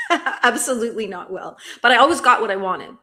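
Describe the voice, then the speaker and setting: A woman's voice: on the high side, wildly swooping pitch, moderate pace, sharp tone. A woman hosting a cozy productivity livestream, chatting casually and answering viewer comments with lots of questions and frequent laughter. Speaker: livestream host.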